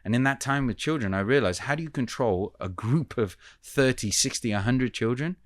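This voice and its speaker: Brief: male communication expert, measured teacherly delivery, mid-pitched, dry close studio sound. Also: no room sound. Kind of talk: podcast interview.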